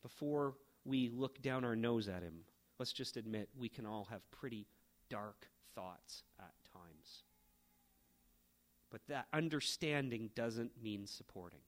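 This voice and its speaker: A middle-aged man preaching a sermon, emphatic, rising to fervent peaks and then dropping to a quiet, low delivery. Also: animated, slow. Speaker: pastor.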